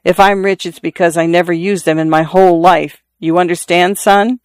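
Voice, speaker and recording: A reader plays a dying father in his forties, pained and breathless. He presses his point over and over, insistent and confiding. The voice stays smooth and dry, close to the mic. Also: mid-range voice, steady tone, moderate pace, no echo, natural voice. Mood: earnest. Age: 40s. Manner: earnest, insistent, repeats himself. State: in pain, out of breath. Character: dying middle-aged father, urgent and confiding.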